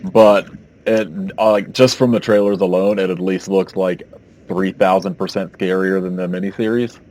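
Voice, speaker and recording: A man's voice: low-pitched, steady tone, normal speed, a little mellow, slight background noise. A man co-hosting a podcast in casual chat, rambling and hesitant as he recalls things. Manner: rambling, hesitant, full of "like" fillers. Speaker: podcast co-host.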